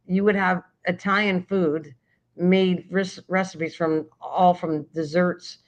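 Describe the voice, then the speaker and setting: A woman's voice: on the low side, steady tone, slow. An older woman hosting a casual late-night chat, rambling and often restarting sentences while she searches for words. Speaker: livestream host. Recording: dull lo-fi stream audio.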